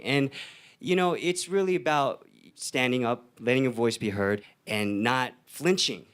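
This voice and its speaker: A man's voice: mid-range voice, normal speed, a bit bright. A filmmaker on a panel, telling his story in an earnest, emphatic way. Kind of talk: panel talk.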